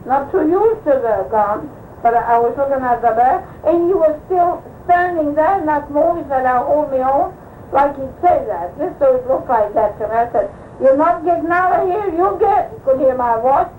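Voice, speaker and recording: Older woman, high voice, meandering storyteller who performs the dialogue; echoey archival room tape. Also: moderate pace, phone-quality sound, slight background noise. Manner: rambling anecdotal telling, acting out quoted speech. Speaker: oral history interviewee. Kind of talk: recounting old personal stories.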